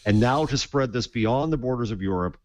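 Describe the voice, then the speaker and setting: A man's voice: medium pitch, lively intonation, fairly quick. A man co-hosting a casual tech panel chat, giving indignant, emphatic opinions over a laptop mic. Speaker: co-host.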